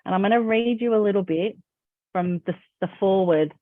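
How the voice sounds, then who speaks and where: A woman coach gives a motivational talk in an encouraging, emphatic way, her voice at a middle pitch. The sound is narrow and phone-like, as over a video call, and the room sounds dry. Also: a little fast, no room sound. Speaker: confidence coach.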